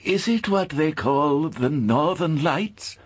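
A man's voice: fairly high pitch, animated, takes it slowly, breathy edge, no room sound, pitched above the performer's own voice, full character voice. A man voicing a humble, shaky elderly churchman in an audiobook.

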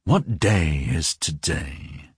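Obsessed old man, put on by a male narrator, frantic, pleading, pitch jumping high, dry close sound. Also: lively intonation, very slow, slightly rough, dry recording, heavily acted. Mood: weary. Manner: pleading, pitch leaping up sharply on words. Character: old man, obsessed, grief-stricken and unravelling. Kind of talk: audiobook character voice.

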